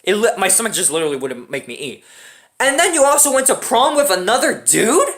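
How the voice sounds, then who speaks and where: A man's voice: high voice, fairly quick. A young man telling a personal relationship story in a casual, profane rant, often checking in with "right?". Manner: animated and profane, keeps tagging "right?".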